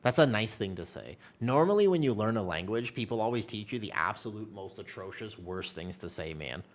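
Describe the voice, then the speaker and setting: Streaming a game, a man chats casually with his viewers and tells stories in an animated way. His pitch is fairly low and he talks briskly.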